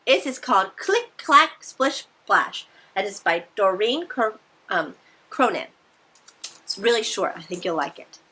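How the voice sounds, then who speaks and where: A woman reading picture books aloud to young children, animated and encouraging, often asking her listeners questions. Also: mid-range voice, unhurried, breathy edge. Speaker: children's storytime presenter.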